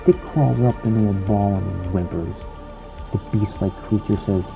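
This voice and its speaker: A man narrating a horror short story in a slow, dramatic storytelling manner. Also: fairly low pitch, vocal fry, lo-fi sound, over music.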